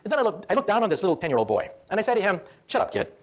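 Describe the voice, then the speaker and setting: A man, a physicist, giving a humorous public lecture as an animated, joking storyteller. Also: sits high, racing.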